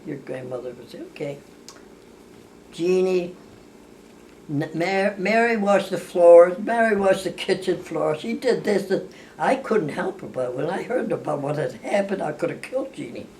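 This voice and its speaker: An older woman shares family stories in casual talk, her lowish, darkish voice animated and at normal speed. The telling wanders, with many restarts and corrections, as she takes on the voices of the people involved. Faint hiss is audible on the distant-mic recording.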